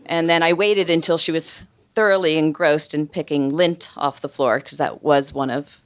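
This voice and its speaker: Low-voiced woman telling a wry story. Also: fairly even intonation, normal speed. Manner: wry, conversational, many fillers. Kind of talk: live personal storytelling.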